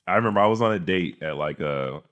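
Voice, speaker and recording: A man with a very deep voice chats casually as a podcast co-host. He tells stories in a relaxed, unhurried way and swears freely. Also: highs cut off. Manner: laid-back, storytelling, swears freely. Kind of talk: casual chat.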